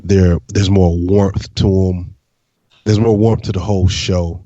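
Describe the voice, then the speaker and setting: Male co-host with a lowish voice, measured and argumentative, dry lo-fi recording. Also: little pitch movement, mellow, dry recording. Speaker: podcast co-host. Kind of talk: casual chat. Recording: dry, slightly dull.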